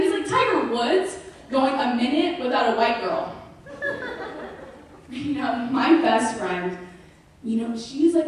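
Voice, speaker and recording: A young woman performs stand-up on a club stage, her voice a little high. She tells animated stories and acts out quotes. The sound is very echoey and caught from far across the room. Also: a little hiss or hum. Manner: animated storytelling with acted-out quotes. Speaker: stand-up comedian. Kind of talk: stand-up comedy set. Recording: echoey venue heard from far off.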